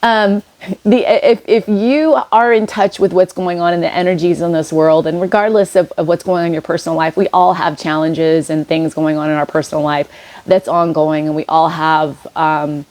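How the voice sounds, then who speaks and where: A woman speaks in a casual, meandering way about spiritual lessons, her voice sitting a little low. She pauses often, restarts her sentences and fills gaps with ums and you-knows, sounding like an unscripted vlog. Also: fairly even intonation, darkish tone. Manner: rambling, many fillers and restarts. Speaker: spiritual vlogger. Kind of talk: casual inspirational monologue.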